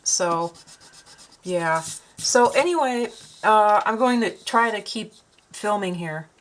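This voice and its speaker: This woman, a vlogger and artist with a northern Minnesotan accent, paints at home and talks to a camera she positioned herself, wandering chattily with plenty of fillers and restarts. Her mid-range voice has lively intonation and a slow pace, and the poor audio carries slight background noise.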